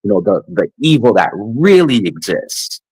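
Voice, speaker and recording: A man's voice: on the low side, sing-song, normal speed, darkish tone, slightly rough, dry recording, poor audio. A man ranting angrily and profanely to his viewers in a scornful vlog tirade. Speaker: vlogger. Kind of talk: angry rant to camera.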